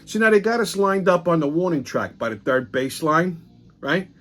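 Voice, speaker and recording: A man's voice: a little high, lively intonation, moderate pace, a bit bright, faint music behind. A middle-aged man, telling a long, profane story as a host, swearing constantly and acting out what people said. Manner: crude, rambling, swears constantly, acts out quotes.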